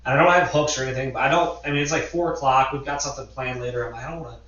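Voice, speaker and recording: A man's voice: medium pitch, fairly even intonation, racing, fairly bright tone, distant mic. A man in his thirties co-hosting a podcast, casually telling a long rambling story and swearing freely. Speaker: podcast co-host. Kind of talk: casual chat. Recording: echoey, dull lo-fi room sound, off mic.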